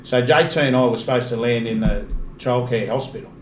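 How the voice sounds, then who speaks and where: The Australian rugby league commentator talks fairly quickly at a medium pitch, chatting and storytelling casually on a podcast. He laughs often partway through; the recording has room echo and faint noise.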